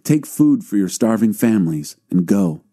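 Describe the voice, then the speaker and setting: A man's voice: on the low side, very animated, moderate pace, mellow. A man reading the commanding words of a stern, powerful ruler.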